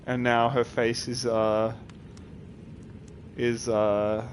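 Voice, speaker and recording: A man's voice: mid-range voice, level tone, very slow, slight background noise. A man streaming live, chatting casually with his viewers, rambling and laughing often. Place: at his computer.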